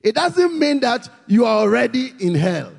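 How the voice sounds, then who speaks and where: A man with a Ghanaian accent preaching a sermon, pleading with the congregation and rising to shouted emphasis. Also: extremely high pitch, very animated, moderate pace, gravelly, husky, in a large hall.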